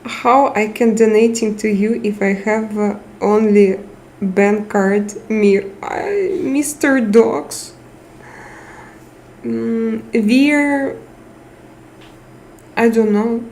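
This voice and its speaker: Woman live stream host, tired, unhurried speech, emotional thanks to chat. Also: fairly high pitch, creaky, a little hiss or hum. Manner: warm, emotional, reads out chat names and thanks viewers. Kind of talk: casual live chat with viewers.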